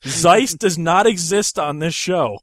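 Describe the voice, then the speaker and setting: A man's voice: a little high, animated, slow pace, dry recording, clean studio sound. A man hosting a podcast, chatting casually about movies, rambling and swearing freely. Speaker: podcast host.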